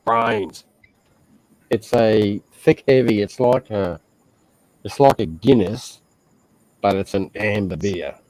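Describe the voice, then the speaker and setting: A man's voice: on the low side, slow, pauses often, darkish tone, no echo, poor audio. A man with an Australian accent chatting casually on a stream, telling stories in a blunt, profane way. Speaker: stream host. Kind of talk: casual chat.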